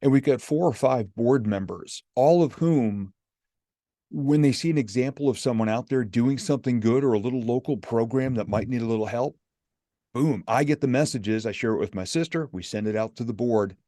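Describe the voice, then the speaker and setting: A middle-aged man telling stories as a podcast guest, animated and acting out the lines of people he quotes. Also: mid-range voice, moderate pace, no room sound, studio quality. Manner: animated, acts out quoted dialogue. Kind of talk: storytelling in a podcast interview.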